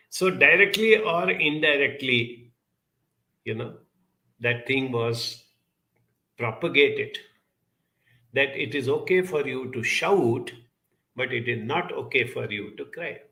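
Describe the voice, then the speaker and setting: A man giving a reflective self-help talk, telling a childhood story in an unhurried way and acting out the people he quotes. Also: a little high, rough recording. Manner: storytelling, quoting others in lively voices; unhurried, spoken as if to listeners.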